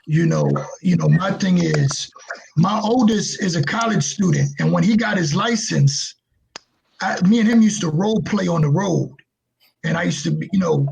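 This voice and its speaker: Gravelly high-voiced New York man. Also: very animated, normal speed, darkish tone, slight background noise, poor audio. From Brooklyn, New York. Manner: earnest, repeats words as he gathers his thoughts. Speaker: podcast co-host. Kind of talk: casual podcast discussion.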